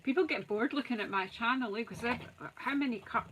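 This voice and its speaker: A woman's voice: fairly high pitch, a little fast, fairly bright tone, slight background noise, poor audio. Chatty Scottish woman crafting live. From Scotland. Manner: chatty, jokey, greets viewers by name. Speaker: craft channel host. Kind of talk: live-stream crafting chat.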